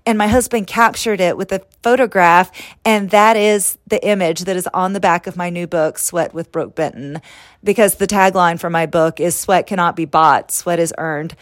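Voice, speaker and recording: Animated middle-aged woman telling stories. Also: mid-range voice. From United States. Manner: animated and candid, acts out quotes. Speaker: podcast host. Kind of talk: personal storytelling monologue.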